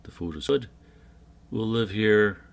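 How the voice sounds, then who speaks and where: A man's voice: fairly low pitch, a little slow, vocal fry, pitched above the performer's own voice. A man reading the lines of a proud, strong jungle hero in short, commanding sentences. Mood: calm.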